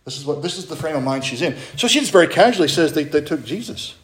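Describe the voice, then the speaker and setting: A man's voice: fairly high pitch, expressive, fast talker, a bit bright. A middle-aged man, a pastor, preaching a sermon in a chatty way and putting questions to his congregation. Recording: echoey church room.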